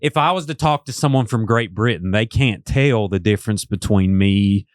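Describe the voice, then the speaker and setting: A man with a West Virginia accent hosting a studio podcast, his voice sitting on the lower side of the male range. He talks in a folksy, rambling way with drawn-out phrases. The sound is close and dry, with no room ring. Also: no echo. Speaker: podcast host. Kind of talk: casual studio conversation.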